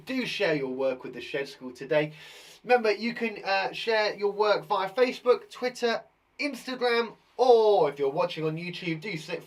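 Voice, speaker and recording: A man's voice: high-pitched, fairly bright tone. A man who teaches and hosts a live children's quiz show, talking in an enthusiastic, jokey, chatty way.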